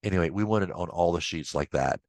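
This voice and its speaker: A man instructor walking through a software tutorial in a casual, chatty way with offhand asides. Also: low-pitched, fast, no echo. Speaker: accounting instructor. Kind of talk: screen-recorded software tutorial.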